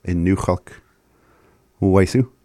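A man hosting a community radio show, teaching a phrase of the day in a relaxed way and chuckling often. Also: deep voice, slow, no room sound. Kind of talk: casual community radio talk.

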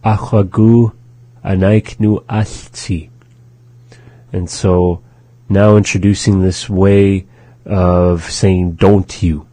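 A man hosting a radio language lesson, repeating each phrase slowly and carefully. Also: low voice, level tone, warm tone, dry recording. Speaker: language teacher and radio host. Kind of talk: slow instructional language lesson.

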